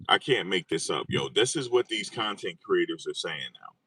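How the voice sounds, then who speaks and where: Low husky-voiced man ranting. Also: expressive, normal speed, bright, forceful tone, no echo. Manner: incredulous, repeats his own phrases. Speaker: online commentator. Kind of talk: casual commentary vlog.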